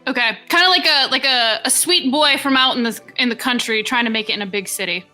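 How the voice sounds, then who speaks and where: A woman's voice: on the high side, fast talker, sharp tone, faint music behind. A woman running a tabletop game as game master, chatty and full of filler words.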